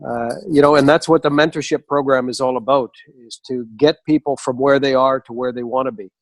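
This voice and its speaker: A man's voice: medium pitch, fairly even intonation, brisk, dry recording. A man, a life coach, speaking earnestly and persuasively as the guest in a live interview.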